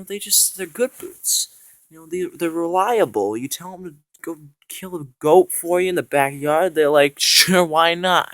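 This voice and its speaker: A man's voice: a little high, fairly bright tone, dry recording. A young man rambling through an improvised comic story, stammering and saying "you know" constantly, with mock-tough mob-boss bluster, in a room at home. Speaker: comedy vlogger. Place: indoor home room with carpet.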